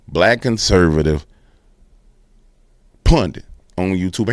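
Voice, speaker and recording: A man hosting casual political commentary, animated and slangy, with playful sound effects. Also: low voice, no echo, clean studio sound.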